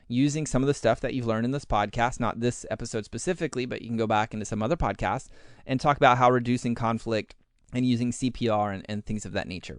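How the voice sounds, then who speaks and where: A man talking casually on a podcast as its host, lively and often acting out his own inner thoughts in quoted asides, with many fillers. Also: mid-range voice, dry recording, clean studio sound.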